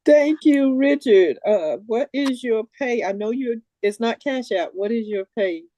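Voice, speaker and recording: A woman's voice: a little high, expressive, measured pace, dark tone, dry recording. A woman hosting a comedy show, giving brief, plain acknowledgements between sets. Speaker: show host.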